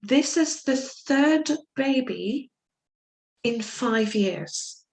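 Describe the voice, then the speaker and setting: Slow, deliberate woman lecturing. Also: high-pitched, animated, poor audio. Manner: slow, deliberate storytelling, acting out quoted speakers. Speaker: legal English teacher. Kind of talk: lecture with case stories.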